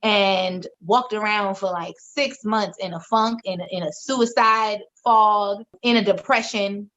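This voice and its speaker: A woman's voice: mid-range voice, steady tone, measured pace, fairly bright tone. A woman in her thirties, candidly telling a painful personal story in a podcast chat, frank and emotional and swearing freely. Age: 30s. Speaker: podcast co-host. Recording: slightly dull lo-fi sound.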